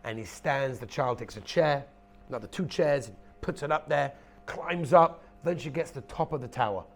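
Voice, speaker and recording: A rabbi giving a lively Torah lecture, emphatic, repeating his key phrases and acting out stories. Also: medium pitch, normal speed.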